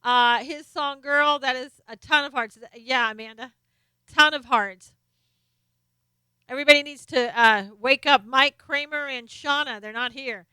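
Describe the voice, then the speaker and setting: A woman's voice: high-pitched, measured pace, bright, forceful tone, smooth, no room sound. A middle-aged woman hosting a casual live stream, chatting as she reads out viewers' names and comments, sometimes turned away from her desk mic. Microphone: desk microphone, sometimes off-axis.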